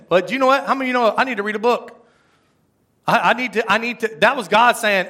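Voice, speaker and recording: A man's voice: high-pitched, quick pace, sharp tone. A man preaching a conversational sermon, often asking the congregation questions. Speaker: pastor.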